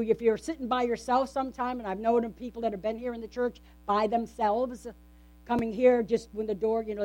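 With a medium-pitched, dark-toned voice, a woman pastor gives a conversational sermon in church. She frequently asks the congregation rhetorical questions.

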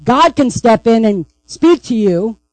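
A woman's voice: fairly high pitch, animated, measured pace, darkish tone, dry recording, rough recording. A woman pastor preaching a sermon, emphatic and repeatedly asking the congregation "right?".

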